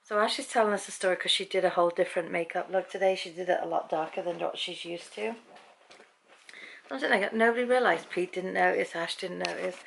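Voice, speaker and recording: A British woman chats through a home vlog story, laughing easily and slipping into the voices of the people she quotes. Her voice sits low and carries a gravelly fry, with a faint hiss of noise underneath. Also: fairly quick. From Britain. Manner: chatty, laughs often, acts out quoted speech. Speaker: vlogger. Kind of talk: casual storytelling to camera.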